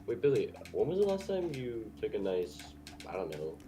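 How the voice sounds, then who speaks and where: A man with a low voice swings his pitch up and down a great deal as he teases a friend. His talk is playful, casual chat on a game stream. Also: wildly swooping pitch, normal speed, mellow, a little hiss or hum. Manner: teasing, playful.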